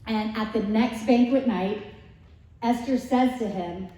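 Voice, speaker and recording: A woman giving a casual Bible lesson, retelling the story in a lively way with rhetorical questions to her listeners. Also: on the high side, measured pace. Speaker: Bible study teacher. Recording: echoey room, distant mic.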